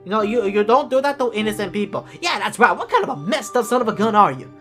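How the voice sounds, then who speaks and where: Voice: mid-range voice, big pitch swings, fast, fairly bright tone. A performer voicing an indignant churchgoing sister who scolds her brother in a stammering, accusing manner, over music. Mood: outraged. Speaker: church member. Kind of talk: comedy sketch acting.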